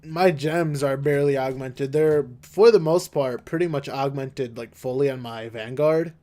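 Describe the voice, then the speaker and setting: A young man streaming a game live, chatting casually in a flat monotone with lots of fillers and restarts. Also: normal speed. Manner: flat monotone, low-energy delivery; rambling with many fillers and restarts. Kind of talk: casual live-stream chat while gaming.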